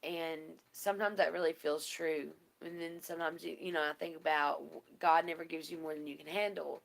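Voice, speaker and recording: A vlogger records an emotional, casual video message, her low, gravelly voice fairly even in intonation and a little fast. She's tearful and heartfelt, rambling with many fillers and close to crying.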